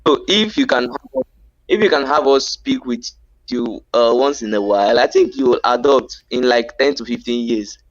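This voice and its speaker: A man's voice: mid-range voice, normal speed, no room sound, highs cut off. A man, patiently explaining slang in casual chat, often repeating himself as he restarts sentences.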